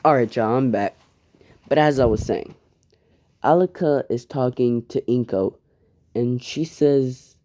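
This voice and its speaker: Casual male narrator, swears, chatty, mellow tone. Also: medium pitch, a little slow, pauses often. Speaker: storyteller. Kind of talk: casual fan-story narration.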